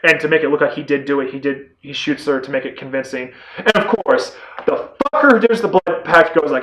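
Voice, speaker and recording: A man giving a casual, spoiler-filled movie review, rambling and excitable, full of "like" and casual swearing. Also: on the high side, fairly quick, echoey room, low-quality recording.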